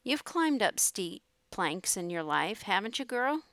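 A woman's voice: medium pitch, sing-song, measured pace, a bit bright, no room sound. A woman voicing a pleading, determined boy. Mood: coaxing. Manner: pleading, coaxing. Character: determined young boy, the storyteller.

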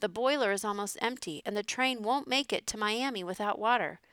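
Stern shouting train conductor, man, commanding, in a storybook storm scene, read by a woman in her own smooth, dry voice. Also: mid-range voice, a little fast, no echo, natural voice. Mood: urgent. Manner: urgent, raised and commanding.

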